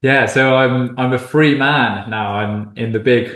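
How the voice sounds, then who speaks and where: A man's voice: mid-range voice, steady tone, a little slow, fairly bright tone. A man in his twenties from Cornwall, chatting as a guest in an easygoing, friendly way with a little humor. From Cornwall, England. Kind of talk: casual conversation. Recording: echoey room.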